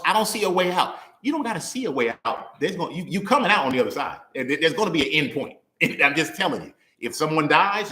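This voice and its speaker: A young man giving a conversational sermon, playful and animated, laughing often and acting out quick voices. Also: mid-range voice. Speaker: preacher. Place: church hall. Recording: roomy echo.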